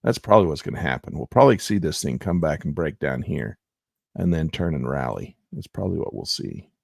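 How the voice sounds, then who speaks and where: A man's voice: extremely low pitch, expressive, fairly quick, gravelly, darkish tone, slightly rough, dry recording, studio quality. A man giving casual, rambling commentary as he goes over stock trading charts, in a folksy way and often talking to himself. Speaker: stock options trader.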